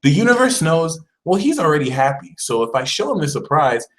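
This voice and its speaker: A man hosting a casual astrology live stream, talking in a chatty, animated way and putting on mock voices. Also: on the high side, a little fast, low-quality recording. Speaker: astrology channel host.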